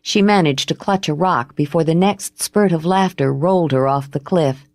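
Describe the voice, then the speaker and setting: A woman narrating a romance novel in a measured, expressive reading. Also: low-pitched, dry recording, clean studio sound. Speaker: audiobook narrator. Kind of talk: scripted narration.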